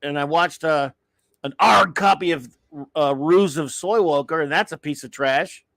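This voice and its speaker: Middle-aged male host, exasperated and rambling, fairly high voice, dry recording. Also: moderate pace, fairly bright tone, no echo. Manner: exasperated, rambling, with sighs and restarts. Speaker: show host. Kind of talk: casual live-stream rant.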